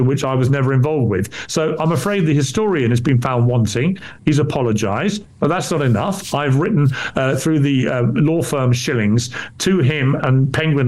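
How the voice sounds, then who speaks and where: A middle-aged man, a former newspaper editor answering interview questions in an indignant, emphatic way. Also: on the high side. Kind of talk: defensive on-air interview.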